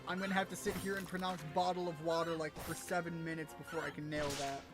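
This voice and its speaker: American male streamer, fairly high voice, loose self-mocking commentary over soft game music. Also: little pitch movement, fast talker. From United States. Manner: rambling, joking, self-mocking. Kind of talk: casual gameplay commentary.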